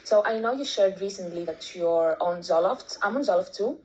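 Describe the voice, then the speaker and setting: A woman's voice: medium pitch, normal speed, dark tone, muffled recording. A woman from Greece with a Greek accent, leaving a hesitant voice memo question full of ums. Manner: hesitant, many ums and restarts. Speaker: caller sending a voice memo.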